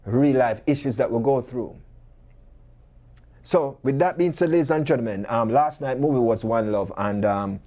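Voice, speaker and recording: This talk show host has a Jamaican accent, a medium-pitched voice, and a moderate pace. He delivers his monologue through rhetorical questions and animated stories in patois.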